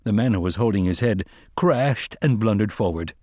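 A man narrating a dark fantasy audiobook in a measured, dramatic reading. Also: fairly low pitch, animated, no room sound, clean studio sound. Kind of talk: scripted narration.

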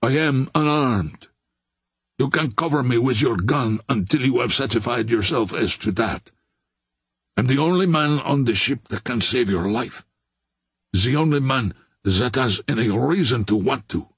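A man voicing a bold second mate who speaks low, steady and persuasive. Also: measured pace, breathy edge, no echo, clean studio sound, exaggerated voice. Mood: calm persuasive. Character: calm, bold second mate, male adult.

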